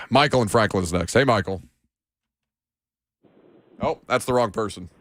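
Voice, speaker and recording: A man's voice: fairly low pitch, unhurried, fairly bright tone. A man in his late twenties hosting a sports radio show in a studio, chatting casually and poking fun at himself with rambling restarts. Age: late 20s. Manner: self-deprecating, rambling with restarts. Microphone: studio broadcast mic.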